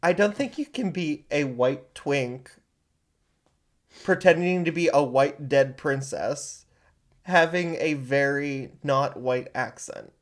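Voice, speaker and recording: A podcast host who reads a slow, dramatic horror intro and then banters in a jokey, animated way. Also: mid-range voice. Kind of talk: scripted horror narration, then casual chat.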